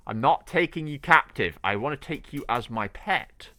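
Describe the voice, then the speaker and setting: A young man hosting a let's play, chatting excitably and swearing freely as he plays. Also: medium pitch, normal speed, hardly any pauses, no room sound. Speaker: gaming channel host.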